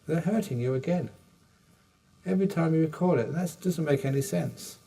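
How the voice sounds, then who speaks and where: A man's voice: a little high, moderate pace, gravelly, dark tone, husky. An older man gives a dharma talk in a retreat hall. He takes questions with humor and acts out little dialogues. The mic sits some distance from him, so his voice sounds a bit far off. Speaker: meditation teacher.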